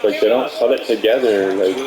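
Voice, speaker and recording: A man's voice: fairly low pitch, fairly even intonation, fairly quick, a loud crowd, low-quality recording. A man giving casual, profane commentary while playing a baseball video game, ranting and getting heated over calls.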